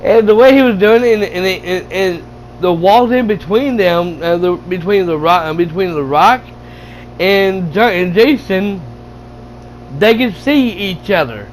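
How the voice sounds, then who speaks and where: A man casually retelling a movie, excited and laughing, with lots of stumbling restarts and swearing. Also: high-pitched, measured pace, slight background noise, rough recording. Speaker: gaming channel host reviewing a movie. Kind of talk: casual rambling movie recap.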